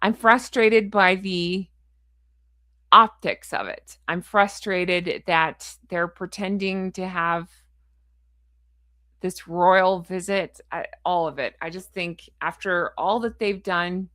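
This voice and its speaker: A woman's voice: medium pitch, steady tone, slow, sharp tone, dry recording, studio quality. A woman vlogger in casual chat to camera, frustrated, blunt and ranting, with a chatty, rambling sign-off. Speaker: royal commentary vlogger.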